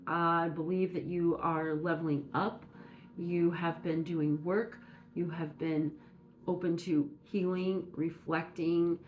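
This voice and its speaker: Slow, rambling low-voiced woman reader. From Minnesota. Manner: meandering, halting, many fillers and restarts. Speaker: spiritual reader. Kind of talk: casual spiritual message talk.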